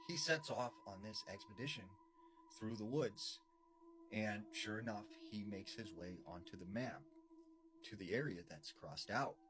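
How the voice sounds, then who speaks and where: Guy with a lowish voice retelling a spooky true story, chatty, lots of "like" and "you know", noisy background. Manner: conversational, loose, full of "like" and "you know". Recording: background noise clearly audible.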